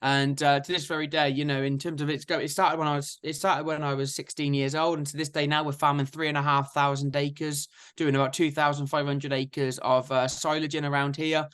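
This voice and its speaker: A young man, telling his story in a lively, chatty interview. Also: on the high side, fairly quick, hardly any pauses, clean tone. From England. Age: 20s. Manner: chatty, energetic anecdotes with frequent "so therefore". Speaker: guest farmer.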